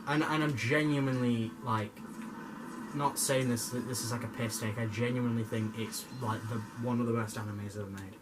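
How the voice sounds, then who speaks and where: A man's voice: medium pitch, steady tone, normal speed, background noise. A young man giving jokey, rambling commentary over his gameplay, stammering and swearing now and then. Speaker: gamer.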